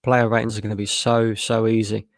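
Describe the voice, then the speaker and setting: A man's voice: on the low side, flat delivery, fairly quick, no room sound. Man, tired live watchalong streamer, blunt and sweary, dry close sound. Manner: frustrated, blunt, swears freely. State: tired after a long work shift. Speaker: fan channel streamer. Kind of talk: live match watchalong commentary.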